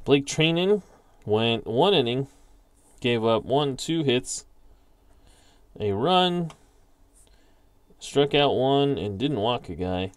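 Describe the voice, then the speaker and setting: A man calling play-by-play for a tabletop baseball simulation, slowly reading out dice rolls and player stats. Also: medium pitch, animated, dry recording. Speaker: league commissioner calling a tabletop baseball sim. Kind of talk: play-by-play commentary.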